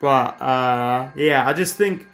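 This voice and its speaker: A man's voice: medium pitch, slow pace, a bit bright, faint music behind. A British man of thirty-one chatting casually on a livestream, rambling and self-deprecating, with many fillers and restarts. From Britain. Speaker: streamer.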